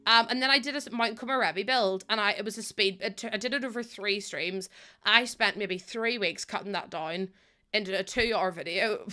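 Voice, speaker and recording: A woman's voice: medium pitch, normal speed, pushed and bright. A young woman with a Northern Irish accent, chatting and laughing with viewers on a casual live stream while she builds in a game. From Northern Ireland. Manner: chatty and rambling, laughs often, talks to viewers.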